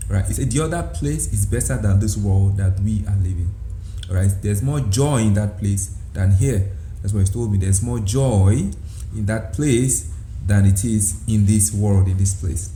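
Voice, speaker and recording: A man's voice: lowish voice, normal speed, warm tone. A man who is a church leader, speaking direct to camera in a repetitive way and often saying "all right". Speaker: church leader sharing a dream. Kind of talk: direct-to-camera religious talk. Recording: echoey room with faint background noise.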